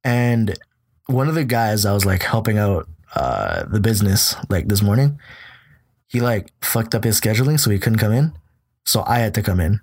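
A man's voice: fairly low pitch, sing-song, normal speed. A tired young man hosting a podcast, telling a long rambling story in casual, profane chat. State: tired from lack of sleep. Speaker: podcast host.

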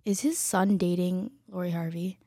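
A woman's voice: on the low side, steady tone, normal speed, mellow, no room sound, studio quality. A young woman guesting on a podcast, chatting casually in a laid-back, hesitant way. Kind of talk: casual chat.

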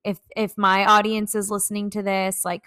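A woman's voice: mid-range voice, completely flat delivery, moderate pace, sharp tone, clear, resonant tone, dry recording. A young woman co-hosting a podcast, chatting casually and enthusiastically, with lots of filler words. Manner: enthusiastic, gushing, many fillers. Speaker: podcast co-host, content creator. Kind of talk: casual chat.

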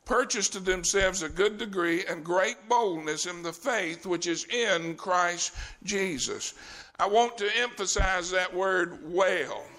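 A man's voice: high voice, bright, forceful tone. A man preaching a sermon at a deacon ordination, folksy and colloquial.

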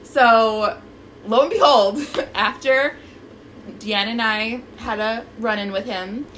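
A woman's voice: on the high side, slow pace, slight background noise, rough recording. A woman telling a dating story in casual chat, acting out quotes and swearing freely. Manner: animated, swearing, acts out quotes.

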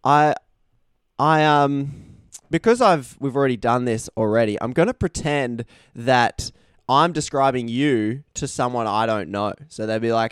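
Man, podcast host, playful and chatty, mid-pitched voice, dry close sound. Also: unhurried, clear, resonant tone, dry recording. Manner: chatty and playful, teasing the guest. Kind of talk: casual podcast interview.

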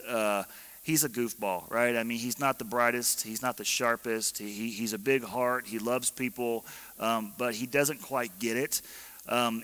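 A man's voice: medium pitch, bright, forceful tone. Man preaching in a reverberant hall. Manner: conversational, stammers and repeats words. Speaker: pastor. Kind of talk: sermon.

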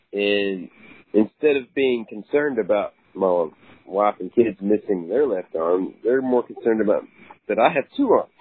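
A man's voice: on the low side, slightly rough, dry recording. A man caller earnestly telling a strange dream in a voicemail message. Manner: earnest, puzzled storytelling. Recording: tinny phone line.

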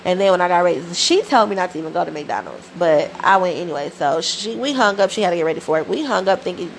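A woman's voice: on the low side, fast talker, gravelly, slight background noise, rough recording. A woman podcast host telling a story in a casual monologue, full of slang and swearing. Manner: profane, animated storytelling with slang.

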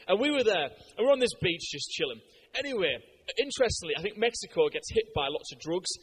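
High-voiced English male preacher. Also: fast talker, breathy edge. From Britain. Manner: animated storytelling, conversational with repeated fillers. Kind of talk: sermon with anecdotes.

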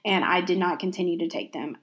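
A woman's voice: fairly low pitch, brisk. A young adult woman telling a personal story in a casual, reflective way, often restarting and adding "you know" as she thinks aloud. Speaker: vlogger sharing a personal story.

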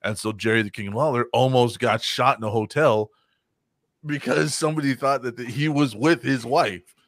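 A man chatting casually and telling a profane, animated story, acting out loud quotes. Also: medium pitch, normal speed, no echo, clean studio sound. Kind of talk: casual chat.

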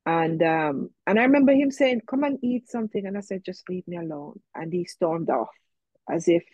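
A woman's voice: medium pitch, lively intonation, normal speed, darkish tone, dry recording, muffled recording. A woman guest in an interview, telling a personal story in a reflective way, with many fillers, and quoting herself and others.

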